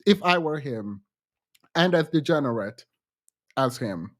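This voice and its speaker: A man hosting a livestream, commenting with animated, incredulous rhetorical questions and repetition. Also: sits high, measured pace. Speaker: podcast host.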